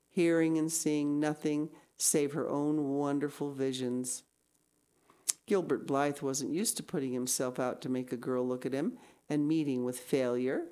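A woman's voice: rumbling low, a little mellow, smooth. A woman reading a classic novel aloud, now and then breaking off into casual asides. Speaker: reader.

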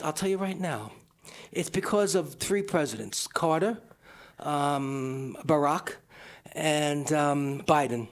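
A man co-hosting a community radio show, rambling and joking with many restarts. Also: a little high. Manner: rambling, self-interrupting, jokey. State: out of breath. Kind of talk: casual radio chat.

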